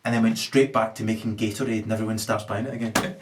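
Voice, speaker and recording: A man's voice: fairly low pitch, fairly even intonation, fast talker, noisy background. Ranting, sweary Scottish man. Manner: ranting, sweary, swings between muttering asides and loud outbursts. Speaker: stand-up comedian. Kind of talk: profane comedic rant.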